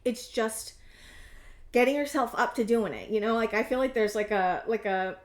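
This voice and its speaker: A woman in her thirties with a fairly high voice talks through a tarot reading, rambling and intuitive, stopping and restarting as she goes. Her voice carries a noticeable room echo. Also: normal speed. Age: 30s. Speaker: tarot reader. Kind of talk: casual tarot reading to camera.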